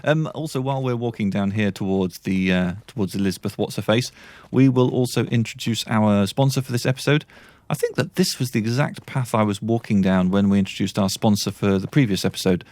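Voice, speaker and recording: A man's voice: on the low side, fairly quick, darkish tone, dry recording. A British man giving casual gameplay commentary, awkward, rambling and self-deprecating. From Britain. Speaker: let's play host.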